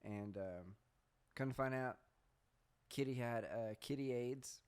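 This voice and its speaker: Speaking slowly in a clear, resonant mid-range voice, a young man hosts a podcast of casual storytelling. He rambles, swears a lot, laughs at himself and reads out search results.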